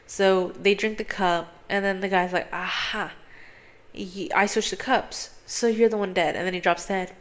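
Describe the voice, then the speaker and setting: A young woman hosting a podcast retells a film's plot casually, in a medium-pitched voice at a moderate pace. She rambles, leans heavily on "like," swears often and acts out the characters' lines as an animated storyteller.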